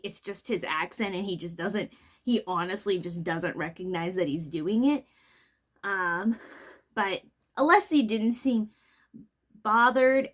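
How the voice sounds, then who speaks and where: A woman giving casual commentary on a trial, blunt and opinionated, talking in a loose, chatty way with plenty of fillers. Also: mid-range voice.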